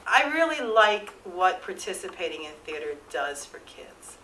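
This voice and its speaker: This is a woman speaking thoughtfully in an interview, in an earnest and measured way. Her voice sits low but has a bright edge. The mic picks her up from a distance in a roomy space with faint background ambience. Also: sing-song, a little hiss or hum. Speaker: interviewee, theatre supporter. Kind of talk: reflective interview talk.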